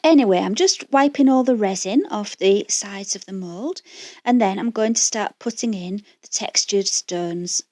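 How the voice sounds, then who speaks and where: A woman's voice: mid-range voice, moderate pace, dark tone, dry recording, studio quality. A woman with a Yorkshire accent, chatting through a craft tutorial as voice-over in a rambling, self-deprecating way, with fillers and restarts. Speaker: resin craft channel host.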